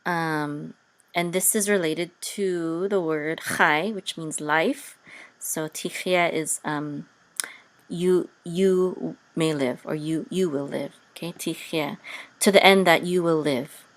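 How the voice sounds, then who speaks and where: Teacher: a woman with a lowish voice, unhurried and patient, pausing often, breaking into sung chant, on a video call. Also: fairly bright tone. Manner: patient, hesitant with many ums, chants words in a sung tone. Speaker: Hebrew teacher. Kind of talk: online class teaching Hebrew reading and chanting.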